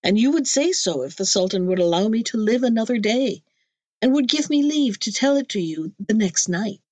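A woman reading a storybook, voicing a composed young queen who speaks in a gentle, courteous, measured way. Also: a little high, lively intonation, no echo, lo-fi sound, close to an everyday voice.

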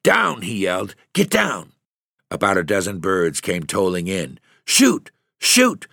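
A man reads a literary story aloud at a measured pace. His voice sits very low and steady. The recording is dry and close, with no room sound at all. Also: dry recording. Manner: measured, lifting into character voices for dialogue. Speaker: narrator.

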